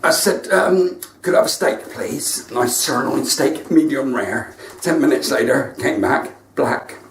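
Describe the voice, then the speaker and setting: A man's voice: mid-range voice, animated, unhurried, recorded from a distance, a little hiss or hum. A male stand-up comedian with a West Country English accent, telling cheeky jokes on a live stream from home with asides to his viewers. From West Country, England. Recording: echoey room, voice from off mic.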